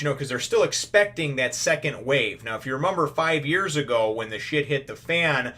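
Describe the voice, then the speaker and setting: A man's voice: mid-range voice, animated, fairly quick, few pauses, pushed and bright. A man hosting a casual anime review, recapping an episode in a rambling, conversational way with occasional swearing. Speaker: anime reviewer, show host.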